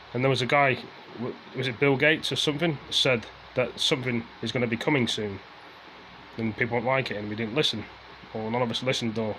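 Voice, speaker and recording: A man venting into the camera in a loose, rambling rant. His voice sits at an ordinary middle pitch, and he circles back to the same points, swearing as his frustration builds. A faint hum of background noise sits behind him. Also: a bit bright, low-quality recording. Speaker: vlogger. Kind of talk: casual ranting to camera.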